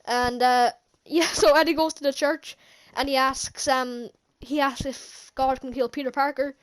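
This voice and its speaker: This movie reviewer speaks in a high-pitched voice at a measured pace with fairly even intonation. Her recap is loose and rambling, broken up by frequent laughter and many restarted sentences.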